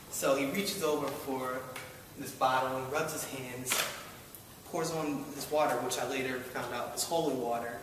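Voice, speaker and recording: A man's voice: mid-range voice, steady tone, moderate pace. Man telling a wry story in an echoey hall. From Baltimore. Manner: wry, self-deprecating, paced for audience laughs. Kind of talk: live personal storytelling. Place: live event hall with audience. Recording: echoey hall, distant mic, noisy. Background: audience laughter.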